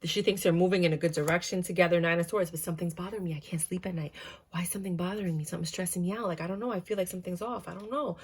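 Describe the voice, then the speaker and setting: Dramatic lower-voiced woman reading tarot. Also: fairly even intonation, very fast, husky. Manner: dramatic, acts out quotes, slangy. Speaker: tarot reader. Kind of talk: casual tarot reading to camera.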